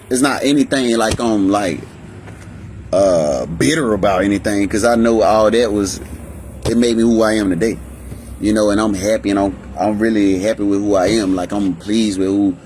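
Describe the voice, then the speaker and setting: A young male vlogger tells his life story candidly in a rambling, emotional way, often restarting his sentences and voicing family members at a higher pitch. His voice has a darkish tone, and there is slight background noise.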